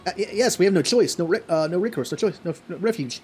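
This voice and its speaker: Guy reading as a scared whiny kobold, stumbly, kinda husky, a bit high. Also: animated, quick pace, darkish tone. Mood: fearful. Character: cowering, whining male kobold who repeats himself.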